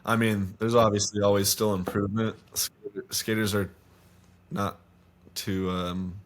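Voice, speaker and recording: A man's voice: on the low side, flat delivery, measured pace. A young man in his twenties, a podcast guest telling a long story in a casual, rambling way full of swearing. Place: podcast studio.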